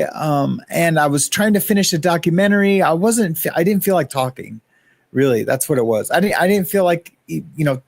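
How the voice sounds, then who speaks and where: A man chatting loosely on his own livestream, greeting viewers one by one as he rambles between topics. His voice sits on the higher side, and the sound is dry and close with little room echo. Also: gravelly, a little mellow. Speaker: livestream host. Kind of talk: casual livestream chat.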